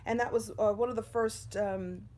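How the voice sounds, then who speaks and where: A woman's voice: a little high, fairly even intonation, moderate pace, a little mellow. A middle-aged woman giving a live-streamed inspirational talk from her home in front of a bookshelf, chatty and greeting viewers by name. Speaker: motivational speaker on a livestream.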